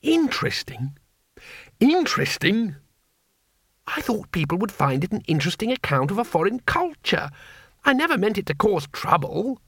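Male narrator putting on a naive tourist, high, innocent and keen, dry close sound. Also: sing-song, fairly quick, pushed and bright, husky, dry recording, exaggerated voice. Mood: earnest. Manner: eager, innocent and earnest. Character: excitable naive little foreign tourist man.

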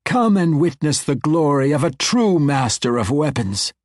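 A man's voice: a little high, big pitch swings, a little slow, dry recording, studio quality, voice pushed up. A man voicing a huge six-armed female snake demon in an audiobook, with a purring, mocking delivery. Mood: mocking menace. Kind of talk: audiobook character voice.

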